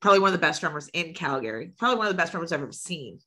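Low-voiced, bright-toned woman. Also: lively intonation, racing. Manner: blunt, swears freely, laughs often. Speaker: guest, music promoter and booking agent. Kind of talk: casual podcast chat.

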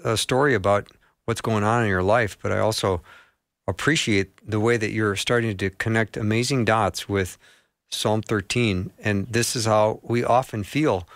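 A man's voice: fairly low pitch, normal speed, dry recording, clean studio sound. A man hosting a radio interview, attentive and reacting briefly to his guest. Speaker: radio host.

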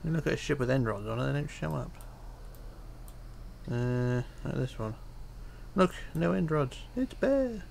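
Gravelly English man chatting over a game. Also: mid-range voice, animated, a little slow, long pauses, a little mellow, slight background noise. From England. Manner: chatty, teasing, muttering asides. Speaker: co-host streaming a building game. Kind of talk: casual chat while gaming.

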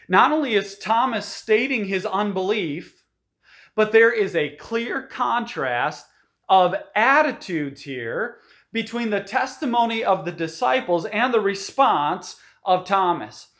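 A pastor preaching a sermon, explaining the text with emphasis. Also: male voice, sits high, animated, a little slow, fairly bright tone.

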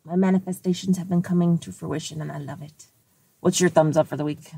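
A woman co-hosting a podcast in casual chat, blunt and profane, talking with animated disbelief. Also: on the low side, brisk, vocal fry, husky. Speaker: podcast co-host.

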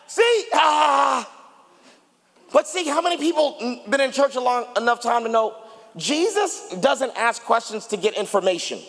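A male pastor preaching a sermon, chatty with the congregation and rising into shouted appeals. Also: very high voice, normal speed. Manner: animated preaching, building to shouts, banters with congregation. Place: church sanctuary. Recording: long reverb of a large church hall.

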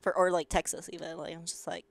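A woman's voice: fairly low pitch, fast talker, gravelly, no echo. Young woman with a rural country twang. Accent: rural Colorado country twang. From rural Colorado. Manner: animated, swearing, sarcastic, acts out quoted people. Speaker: guest. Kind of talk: casual interview storytelling.

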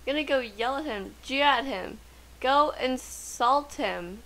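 Excitable woman gamer, high voice. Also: slow pace, rough recording. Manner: chatty, excitable, gasps and laughs often. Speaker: let's play gamer. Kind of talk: casual gameplay commentary.

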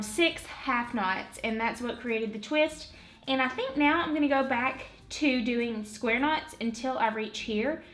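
Working on a wall hanging at home, a woman who vlogs about crafts gives a loose, rambling tutorial full of "y'all" and "literally." Her voice is high and fairly bright.

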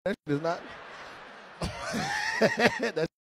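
A man doing live stand-up crowd work, teasing audience members in an animated way with loud bursts. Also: high voice, drawn-out words, gravelly, noisy background. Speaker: stand-up comedian.

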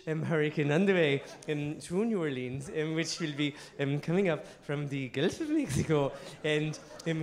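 A man's voice: on the high side, voice pushed down. A man doing a dithering Irish weather girl. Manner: hesitant, full of ums, soft and sweet.

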